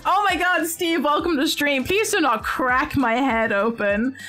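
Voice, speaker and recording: A woman's voice: high-pitched, unhurried, bright, forceful tone, faint music behind. A woman streaming live, chatting casually while she crochets, rambling and often restarting her sentences.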